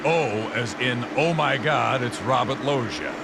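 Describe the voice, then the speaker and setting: A man playing an older male celebrity who spells his own name with deadpan self-importance. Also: medium pitch, a little slow, creaky. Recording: cartoon clip with loud background noise.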